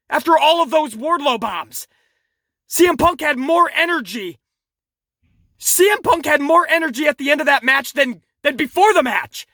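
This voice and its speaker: A man reviewing a wrestling show in casual, profane commentary, animated and laughing at his own jokes. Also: very high-pitched, moderate pace, dry recording, clean studio sound.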